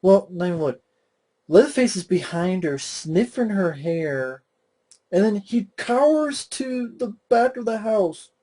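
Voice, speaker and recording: A man's voice: high voice, very animated, unhurried, warm tone. A young man ranting about a movie, exasperated and mocking, with heavy swearing. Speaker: movie reviewer. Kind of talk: profane movie rant.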